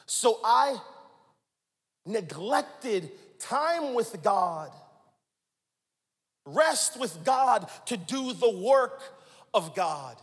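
Man in his forties, high and lively preaching voice, long hall reverb, sermon with call-and-response. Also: very slow, long pauses. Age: 40s. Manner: dramatic swings from hushed to shouting, call-and-response with the crowd. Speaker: pastor.

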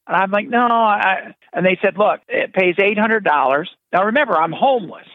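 Older man, storytelling, acts out voices, gravelly, tinny phone-like sound. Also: high-pitched, normal speed, hardly any pauses, no echo. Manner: animated, acts out voices in his anecdotes. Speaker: film director telling his story. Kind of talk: storytelling interview.

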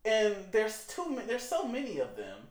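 A person from Michigan co-hosting a podcast, with a lively voice that swings up and down in pitch. They curse freely and argue their opinions with energy. The voice sits in an echoey room. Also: normal speed. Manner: profane, opinionated, animated. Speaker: podcast co-host. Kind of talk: casual chat.

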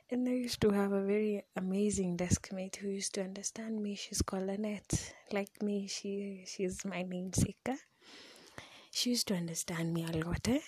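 Young kenyan woman, very breathy, slow hushed confessional storytelling. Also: mid-range voice, no echo. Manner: mostly whispered, mixing English and Swahili slang.

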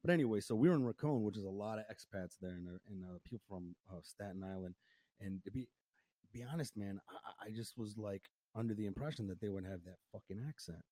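A man hosting a casual chat, telling a story with lots of swearing and quick impressions of people he met. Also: on the low side, dry recording. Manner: profane, animated storytelling with impressions. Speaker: podcast host.

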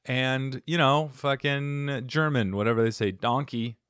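A man's voice: medium pitch, unhurried, a bit bright, clean tone, dry recording, clean studio sound. A man hosting a comedy advice podcast, playful and goofy, wrapping up with silly asides. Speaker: podcast host. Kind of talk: casual podcast chat and outro.

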